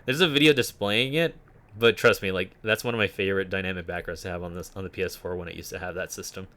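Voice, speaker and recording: A man's voice: sits low, little pitch movement, very fast, fairly bright tone. A man streaming a game, rambling casually with many fillers and reading game text aloud. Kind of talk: casual gameplay commentary.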